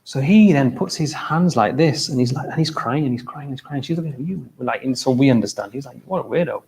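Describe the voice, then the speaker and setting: A man gives a relaxed, chatty talk to a mosque gathering. He often repeats his key phrases and keeps asking "okay?" as he goes. His voice sits at an ordinary, middling pitch for a man. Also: fairly quick, rough recording. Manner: conversational, repeats himself, keeps checking in with "okay?". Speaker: mosque speaker. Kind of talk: informal religious talk.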